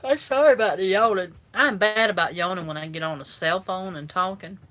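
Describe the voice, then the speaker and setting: A woman's voice: on the low side, a little fast, fairly bright tone. A woman with a South Carolina Southern accent, chatting casually and rambling easily with viewers, recorded on a phone. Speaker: vlogger. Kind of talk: casual live chat with viewers.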